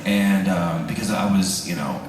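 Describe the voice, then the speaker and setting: A man, a voice actor, telling jokey, animated stories on a live convention panel and laughing often. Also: sits low, normal speed. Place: large convention room with audience. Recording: echoey hall, audience noise, from far off.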